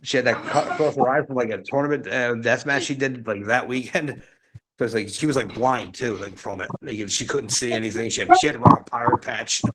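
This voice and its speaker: A man's voice: mid-range voice, brisk, fairly bright tone, slight background noise, poor audio. A man in an interview, telling stories in a rambling, laughing way full of fillers. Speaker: interview guest, wrestler. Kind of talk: casual storytelling chat.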